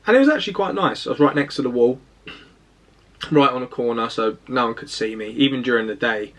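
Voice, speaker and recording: A man's voice: medium pitch, expressive, brisk, fairly bright tone. A young man, casually recounting a personal story to camera in a rambling, self-deprecating way. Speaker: fitness vlogger.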